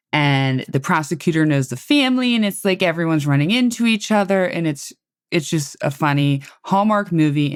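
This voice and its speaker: Low-voiced chatty woman podcast host. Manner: chatty, enthusiastic, rambling. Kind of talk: casual podcast chat. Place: hair salon.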